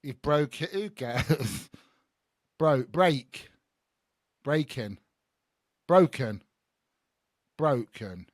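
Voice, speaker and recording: A man's voice: medium pitch, lively intonation, very slow, pauses often, no room sound, clean studio sound. A man hosting a podcast, guessing words in a party game, laughing and thinking aloud. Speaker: podcast host. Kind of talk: playing a guessing game with guests.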